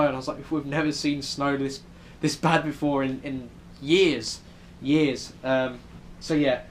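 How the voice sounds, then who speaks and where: In a New York City hotel room, a young British vlogger chats casually and rambles, leaning on lots of ums. His fairly high voice is fairly even in intonation, unhurried yet with hardly any pauses, and slight background noise sits underneath.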